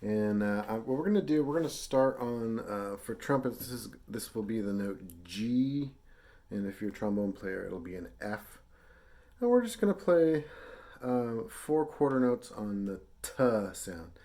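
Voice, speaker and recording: A man's voice: on the low side, dark tone. A man teaching a brass lesson, speaking patiently and casually with fillers, and sounding out tonguing syllables for students to copy. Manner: patient, demonstrates syllables aloud. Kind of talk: instructional lesson.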